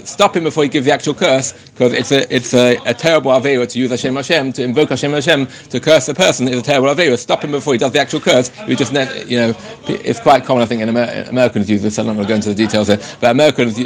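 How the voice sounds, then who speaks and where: A man teaching a Torah class, reading Hebrew passages slowly and then explaining them in English, with frequent stops and restarts. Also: medium pitch, fairly even intonation.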